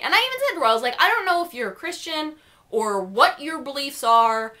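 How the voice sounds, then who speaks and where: A woman's voice: sits high, sing-song, fairly quick, sharp tone. A young woman vlogger telling a story to camera in a rambling, snarky, casual way.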